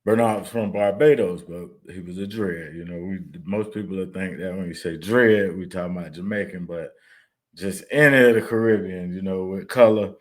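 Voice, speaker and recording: A man's voice: low voice, normal speed. A man telling stories from his childhood in a loose, conversational way, often tagging "right?" onto his sentences. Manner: loose and conversational, many "right?" tags and "uh" fillers. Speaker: storyteller recalling his childhood. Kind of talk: casual spoken storytelling.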